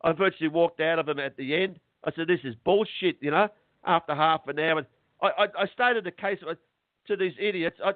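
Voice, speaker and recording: Middle-aged man, phone-in guest, fairly high voice, halting and agitated, dry tinny line. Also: no room sound. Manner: agitated, halting, repeats words. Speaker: interview guest. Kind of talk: phone interview.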